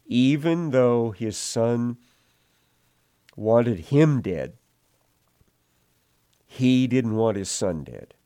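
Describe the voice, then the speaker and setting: Slow, measured preacher. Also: male voice, medium pitch, animated, mellow, no echo, studio quality. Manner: measured, explanatory storytelling. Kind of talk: expository sermon.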